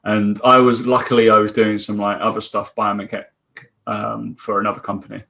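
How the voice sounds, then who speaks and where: A man with a fairly low voice, co-hosting a relaxed podcast. He tells chatty anecdotes, slipping into the quoted lines of other people as he goes. His delivery is conversational and informal. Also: fairly quick, gravelly. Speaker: podcast co-host, fitness coach. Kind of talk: casual podcast chat.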